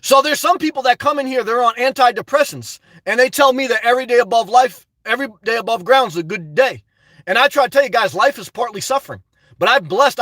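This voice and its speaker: A man live-streaming, chatting to viewers in a high-energy, effusive way as he answers their messages. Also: sharp tone, no room sound. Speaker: live streamer reading chat and donations. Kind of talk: casual live-stream chat.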